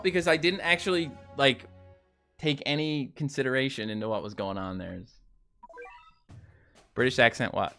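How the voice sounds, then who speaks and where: A man's voice: medium pitch, normal speed, long pauses, bright, forceful tone, soft background music. A young man live-streaming a mobile game, chatting loosely and answering viewer comments as he plays. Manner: coaxing the game on, repeating short phrases.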